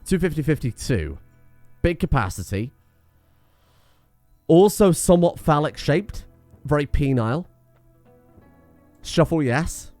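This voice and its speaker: Man, let's-play commentary, lively swooping pitch, rambling and self-mocking, swears a lot, faint game music behind. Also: a little slow, long pauses, dry recording. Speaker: gaming streamer.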